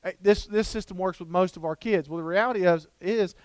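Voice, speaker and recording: Animated storytelling man, crisp clear voice. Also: high voice, fairly quick, dry recording. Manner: down-to-earth, animated, jokey. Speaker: child development speaker. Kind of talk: storytelling keynote talk. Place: lecture room before an audience.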